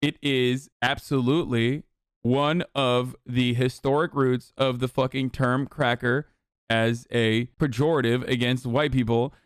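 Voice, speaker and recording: A man's voice: mid-range voice, steady tone, measured pace, clean tone, no echo, clean studio sound. A man reacting to video clips as a streamer, ranting and mocking with a lot of cursing. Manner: mocking, rants loudly with frequent cursing. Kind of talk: profane reaction commentary.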